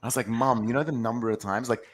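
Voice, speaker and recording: A man's voice: mid-range voice, fairly even intonation, quick pace. A man co-hosting a podcast, telling anecdotes in a chatty way and acting out the voices in them. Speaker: podcast co-host. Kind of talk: casual chat.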